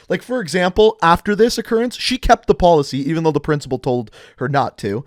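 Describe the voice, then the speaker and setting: A young man casually telling a rambling high school story to his channel, full of "like" and asides. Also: lively intonation, fast talker, few pauses, no echo, studio quality. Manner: rambling, chatty, lots of "like". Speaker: vlogger.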